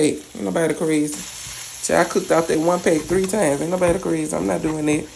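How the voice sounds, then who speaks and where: A woman's voice: deep voice, a little fast, gravelly, darkish tone, slight background noise. A woman with a Louisiana accent, chatting sassily while demonstrating a recipe in a home kitchen. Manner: sassy, chatty, coaxing. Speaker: home cook. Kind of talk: cooking demonstration. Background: faint sizzling pan.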